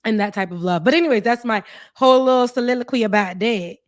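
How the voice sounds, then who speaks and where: A woman's voice: on the high side, lively intonation, fast, dry recording, studio quality. A woman co-host telling stories in casual chat, with laughs and quoted voices. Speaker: show co-host.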